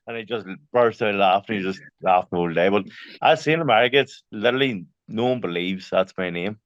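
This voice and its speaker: Deep-voiced man, chatty. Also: fairly quick, no room sound, muffled recording. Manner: chatty storyteller, lively, many fillers and restarts. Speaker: boxer. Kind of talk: casual interview.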